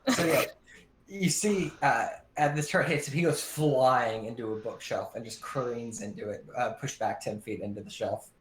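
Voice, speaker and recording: A man's voice: mid-range voice, moderate pace. A man narrating as game master in a tabletop game, talking in a rambling, hesitant way with many fillers. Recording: echoey room with faint noise.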